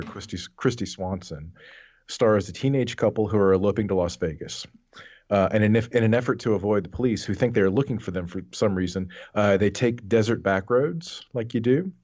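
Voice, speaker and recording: A man's voice: fairly low pitch, normal speed, a little mellow, highs cut off. A man co-hosting a podcast in casual chat, recapping a movie with wry, sarcastic asides. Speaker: podcast co-host.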